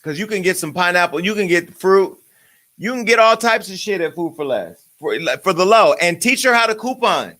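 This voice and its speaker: A man's voice: high voice, animated, normal speed, bright, forceful tone. A man hosting a celebrity gossip show, ranting crudely and brashly with a stream of insults. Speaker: host. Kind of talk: profane comedic celebrity gossip.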